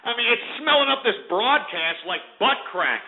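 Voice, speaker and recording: A man hosting a call-in radio show, ranting and berating his callers. His voice sits high and he swings from shouting to muttering. The sound is thin and phone-like, like cheap internet radio. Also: lively intonation, normal speed. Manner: loud, insulting, ranting. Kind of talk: abrasive call-in radio talk.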